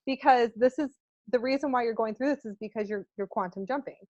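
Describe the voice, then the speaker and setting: A woman co-hosting a casual spiritual chat, animated, laughing often and acting out little quotes with whoops. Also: on the high side, fast talker, no room sound, highs cut off. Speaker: spiritual channel co-host.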